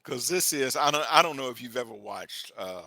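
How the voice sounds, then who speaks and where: A man co-hosts a relaxed movie-review podcast and talks about the film with plenty of energy. His voice is bright and ringing, and it rises and falls a lot as he acts out little scenes. He is chatty and full of jokes. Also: medium pitch, gravelly. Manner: animated, acts out characters in quick asides. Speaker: podcast co-host. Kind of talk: casual movie-review chat.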